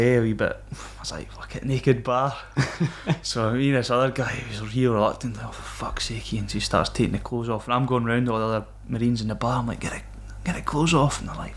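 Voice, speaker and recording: A Scottish man, a former Royal Marine, telling stories on a podcast in casual, swearing chat that he breaks with laughs. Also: on the low side. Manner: swearing, animated, laughs mid-story. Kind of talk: casual storytelling.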